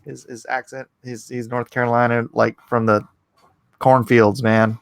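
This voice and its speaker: A man hosting a casual livestream, animated and jokey, reading chat and bantering with his co-host. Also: medium pitch, unhurried, vocal fry, clear, resonant tone, dry recording. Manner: animated and jokey, breaks into laughs.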